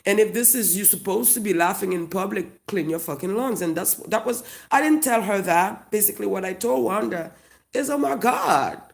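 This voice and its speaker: A comedian with a Haitian accent tells a profane, loud, mocking story straight to camera. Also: medium pitch, a little fast, creaky.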